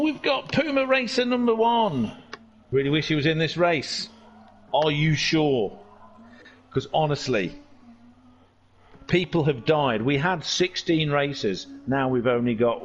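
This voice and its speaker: Man, sim race commentary, casual and jokey, excitable, slightly high voice, dull lo-fi sound. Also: a little hiss or hum.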